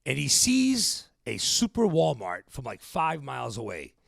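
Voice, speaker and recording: A male podcast host telling a story in an animated way, calling listeners "folks". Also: medium pitch, measured pace, gravelly, no room sound, clean studio sound.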